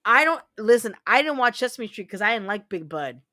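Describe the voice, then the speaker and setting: A woman from New Jersey hosting a casual livestream chat, talking in a rambling, profane way and quick to launch into rants. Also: fairly high pitch, big pitch swings, sharp tone. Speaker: livestream host.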